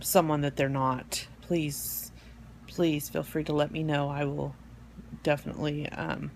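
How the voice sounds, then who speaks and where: Gravelly-voiced woman hosting a live stream. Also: deep voice, slight background noise. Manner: rambling, halting, with many fillers and restarts; soft and heartfelt, near tears at times. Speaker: host of an online support group. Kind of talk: casual live-stream talk. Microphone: phone or webcam for a live stream.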